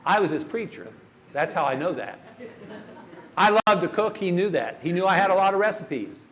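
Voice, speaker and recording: A man's voice: high voice, very animated, normal speed. An older man preaching a sermon in a church, telling stories and putting questions to the congregation. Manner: storytelling, asks the congregation questions.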